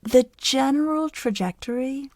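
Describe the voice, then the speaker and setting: A middle-aged woman psychologist hosting a podcast, explaining conversationally with an animated, easy manner. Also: high-pitched, unhurried, no room sound, studio quality. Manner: animated, explanatory, laughs easily. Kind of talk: conversational expert advice.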